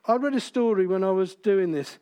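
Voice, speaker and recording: A man's voice: high-pitched, brisk, dark tone, clean tone. A man preaching a sermon in church, in a conversational way, asking the congregation questions.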